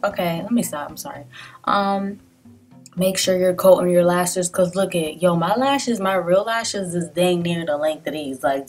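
A woman talks through a makeup tutorial in a slow, low-key, rambling way, full of slang and quick apologies. She sits a bit away from the mic in a small room at a desk, with faint music playing behind her. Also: far from the mic. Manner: rambling, self-mocking, slangy, often apologizing. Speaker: beauty vlogger. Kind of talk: casual makeup tutorial talk.

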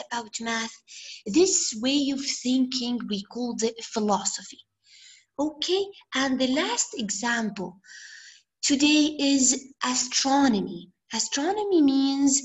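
A young female English teacher with a Levantine Arabic accent gives a vocabulary lesson, patiently explaining English words through examples and occasionally offering an Arabic gloss. Her voice is on the high side, and the audio quality is poor.

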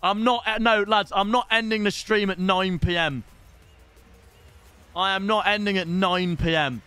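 A young man streaming live and chatting casually while opening packs in a football game, excitable and sweary. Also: high voice, measured pace, smooth, faint music behind. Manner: excitable, shouts at pack pulls, swears.

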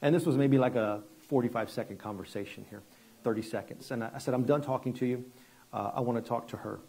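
Pastor guy preaching, kinda husky, warm low tone, lots of restarts. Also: fast. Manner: conversational, repeats words and restarts, drops quiet for dramatic story moments. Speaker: guest pastor. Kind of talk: sermon with storytelling.

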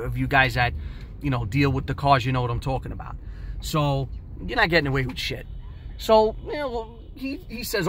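A man in his forties, the show's host, telling a story in a profane, animated and emphatic way. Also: a little high, rough recording. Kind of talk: casual storytelling.

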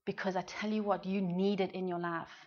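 A woman's voice: on the low side, little pitch movement, brisk, lo-fi sound. A woman with a British accent preaching a sermon in an earnest, conversational way, often asking her listeners questions. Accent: British English. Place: church hall.

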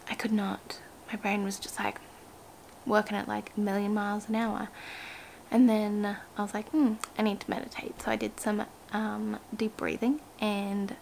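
Young woman, casual vlog ramble, half-whispered, gravelly, slow, faint insect buzz. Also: mid-range voice, a little mellow, slight background noise, low-quality recording. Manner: rambling, filler-heavy, often half-whispered. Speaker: vlogger. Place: outdoors by a bush with cicadas. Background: insects and cicadas.

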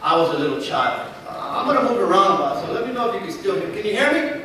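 Animated high-voiced man in an echoing hall. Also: fast. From Southern California. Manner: storytelling, animated, acts out dialogue with a Spanish switch. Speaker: keynote speaker. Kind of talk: motivational keynote speech. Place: large convention hall. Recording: echoey hall from far off, faint noise.

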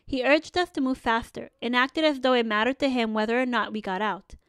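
A woman narrating a first-person memoir audiobook in an earnest, measured storytelling manner, close to a studio mic. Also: a little high, steady tone, no echo.

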